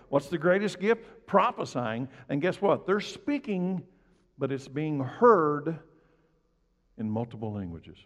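A male pastor giving a conversational sermon, telling stories and rising and falling sharply as he preaches. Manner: conversational, storytelling preacher with big swings in pitch and loudness. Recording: dull recording with long hall reverb.

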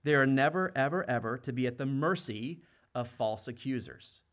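A man's voice: medium pitch, lively intonation, normal speed, fairly bright tone, dull audio. A man in his thirties or younger preaching a sermon, earnest and conversational, often asking the congregation questions. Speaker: pastor.

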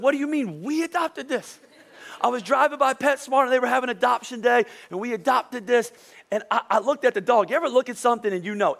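A pastor in his thirties delivers a sermon with lively, storytelling energy, checking in with his listeners again and again. His voice sits high for a man and carries a gravelly edge. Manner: animated storytelling, frequent "right?" asides.

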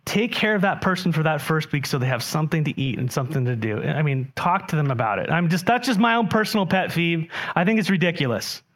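A man preaching a sermon, animated and often putting questions to the congregation. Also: fairly high pitch, fast talker, few pauses. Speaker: pastor.

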